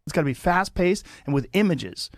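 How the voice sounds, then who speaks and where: A man tells an emphatic story in a casual chat, his voice a little higher than most men's. The sound is close and dry. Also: expressive, brisk, no room sound.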